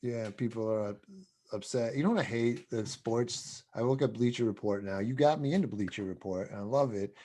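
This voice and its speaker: Middle-aged man, mid-pitched, animated storytelling podcast co-host. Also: a little fast. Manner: animated storyteller, swears, laughs often. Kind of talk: casual chat.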